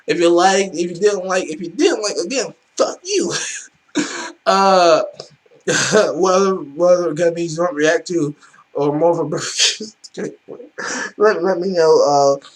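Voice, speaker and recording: Man, reaction video host, high voice, excitable, rambling, profane. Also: slow pace, long pauses. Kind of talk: casual reaction commentary.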